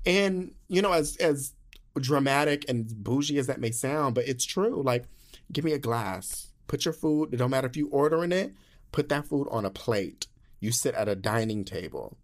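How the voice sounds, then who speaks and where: A young man hosting a podcast, talking candidly in a sassy, animated way, full of slang and swearing. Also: mid-range voice, moderate pace. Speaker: podcast host. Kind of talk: candid casual monologue.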